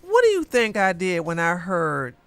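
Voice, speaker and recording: A woman ranting in a rambling, casual way, animated and profane, often repeating herself. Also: on the low side, moderate pace, no echo, soft background music.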